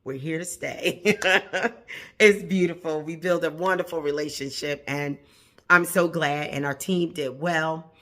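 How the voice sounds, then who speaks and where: A woman with a low-pitched, steady, slightly bright voice hosts a plant channel and talks unhurriedly to her viewers. Her casual motivational chat is full of repeated phrases for emphasis and frequent mid-sentence chuckles.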